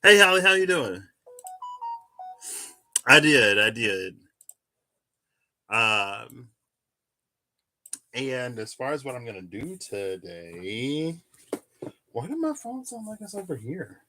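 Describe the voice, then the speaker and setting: Bright-voiced rambling male tarot reader. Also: mid-range voice, big pitch swings, slow pace, pauses often, no echo. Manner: rambling, self-correcting, chatty. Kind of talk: casual tarot reading vlog.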